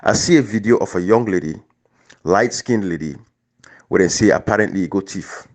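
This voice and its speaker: A man's voice: sits low, brisk, no echo. A man with a Sierra Leonean Krio-English accent, talking politics in an impassioned, repetitive way. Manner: impassioned, repetitive, rising to near shouting. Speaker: political commentator. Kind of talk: casual political discussion.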